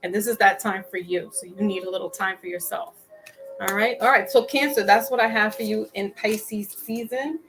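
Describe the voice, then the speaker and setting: A woman gives a relaxed tarot reading in a chatty, loose way, stopping and restarting her words often. Her voice sits at a middle pitch, and soft music plays faintly behind her. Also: moderate pace, rough recording. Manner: chatty, frequent restarts and fillers. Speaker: tarot reader.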